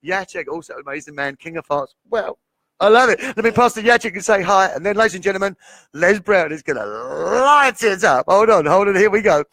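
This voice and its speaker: A man in hype mode, pitch sitting a little high and climbing even higher when he gets carried away. He gushes, stacks up phrases and keeps turning back to "ladies and gentlemen" to address his viewers. The sound is dry and close, with no room around it. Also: fast, dry recording. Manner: excitable, gushing, keeps repeating "ladies and gentlemen". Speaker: host of a live online broadcast. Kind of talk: hyped live-stream introduction.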